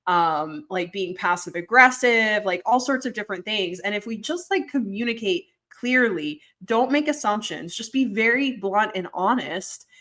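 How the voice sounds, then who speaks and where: Young woman co-hosting a podcast, bright voice, super chatty, tons of likes and ums. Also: mid-range voice, animated, normal speed, few pauses. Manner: chatty, fillers like "like" and "um". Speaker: podcast co-host. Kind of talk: casual chat.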